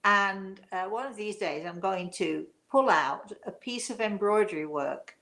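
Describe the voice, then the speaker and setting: A woman's voice: mid-range voice, unhurried, fairly bright tone. An older woman from England hosting a show, chatting casually and rambling with many fillers. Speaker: show host, medium.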